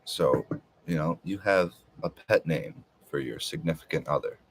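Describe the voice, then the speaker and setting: A man's voice: rumbling low, moderate pace, slightly rough. A man talking in a casual, rambling monologue, hesitant and full of filler words. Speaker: podcast host.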